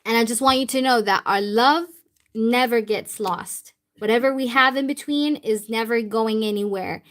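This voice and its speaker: A woman's voice: a little high, normal speed, a bit bright. A woman tarot reader speaking channeled messages in the first person, repetitive and emphatic, with casual swearing.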